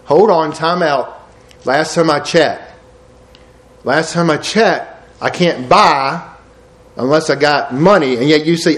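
Folksy preacher, high voice. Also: male voice, expressive, moderate pace, reverberant, low-quality recording. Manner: folksy, digressive storytelling with y'all and ain't. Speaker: pastor. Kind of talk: sermon.

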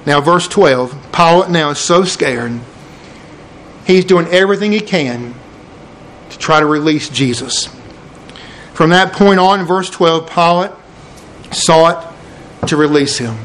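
High-voiced preacher acting out scripture. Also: male voice, lively intonation, a bit bright, a little hiss or hum, poor audio. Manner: dramatic, acts out the characters in casual voices; drops low and slow for emphasis. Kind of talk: sermon.

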